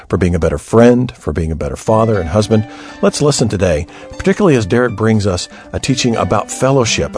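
Guy setting up a radio teaching, low voice, dry close mic, soft music under. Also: husky, no echo. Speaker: guest co-presenter. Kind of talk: radio show introduction.

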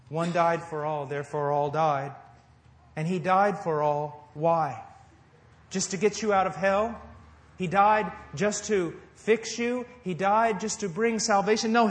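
At a church service, a middle-aged American preacher with a high voice gives an impassioned sermon to his congregation. In the echoey hall he builds to loud, forceful emphasis, then drops into soft, earnest, tender pleading.

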